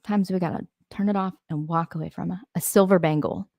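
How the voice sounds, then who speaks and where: A woman's voice: fairly low pitch, fairly even intonation, quick pace, creaky, darkish tone, no echo, clean studio sound. Chatty woman hosting a live stream. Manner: chatty, reads out and answers viewer comments; laughs often, rambling asides. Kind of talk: casual live-stream chat.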